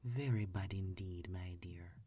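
A woman voicing a wicked male wolf disguised as a grandmother in a whispered role-play, hushed and sly. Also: rumbling low, unhurried, breathy edge, full character voice.

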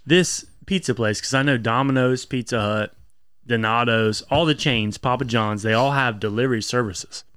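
A man co-hosting a podcast, talking bluntly and swearing freely. His voice sits in an ordinary middle pitch. The sound is close and dry. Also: moderate pace, fairly bright tone, clean tone, dry recording. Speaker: podcast co-host. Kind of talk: casual chat.

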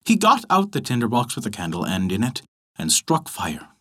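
A man narrating a folk tale as a storyteller, expressive and animated. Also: mid-range voice, normal speed.

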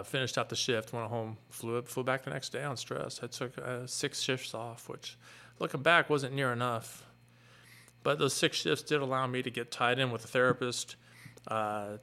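Speaking at medium pitch with a sharp tone, a middle-aged fire captain recounts a painful personal experience. He's earnest and candid, and his telling comes out haltingly.

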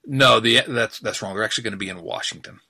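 A man's voice: lowish voice, fast talker, creaky, bright, forceful tone, slightly rough. A man hosting a casual sports podcast, joking, laughing at himself and rambling through asides. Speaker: podcast host.

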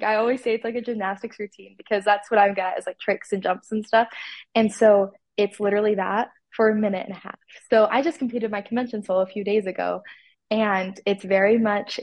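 A woman's voice: mid-range voice, a little mellow, dry recording. A teenage girl from Utah, a pageant titleholder, telling her story with enthusiasm in a casual interview. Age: teens.

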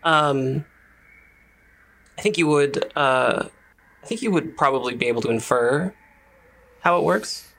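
A man narrating a tabletop game as game master, measured and hesitant, with fillers. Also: on the high side, creaky, a bit bright, slight background noise.

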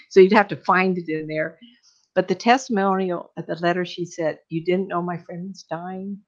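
A woman's voice: on the low side, dull audio. A middle-aged woman, a psychic medium, telling stories in casual chat, laughing often and acting out voices.

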